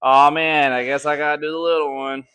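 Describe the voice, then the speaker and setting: A man's voice: a little high, fairly even intonation, fast, a bit bright, clean tone. A young man from Alabama talking casually through a home kettlebell workout, a little out of breath, joking and counting down reps on a camera mic. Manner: laid-back, joking, counting reps between sets. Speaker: fitness vlogger. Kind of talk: casual workout follow-along chat.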